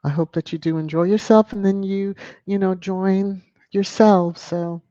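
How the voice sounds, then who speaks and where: A woman's voice: medium pitch, steady tone, measured pace, warm tone, dry recording. A woman hosting a live stream in casual chat, thanking viewers by name. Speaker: YouTube live stream host. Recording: dull lo-fi dry sound.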